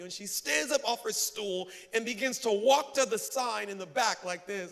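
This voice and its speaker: A man's voice: very high voice, animated, moderate pace, creaky, bright, forceful tone. A man preaching a sermon, telling a story with self-mocking humor and acting out voices. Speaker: pastor. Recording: long hall reverb.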